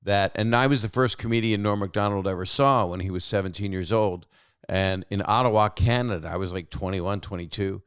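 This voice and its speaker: A man's voice: fairly low pitch, brisk, a bit bright, smooth, no echo, studio quality. A man in his sixties hosting a call-in show, telling rambling stories in a casual chat with callers. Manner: rambling, self-interrupting storyteller. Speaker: host.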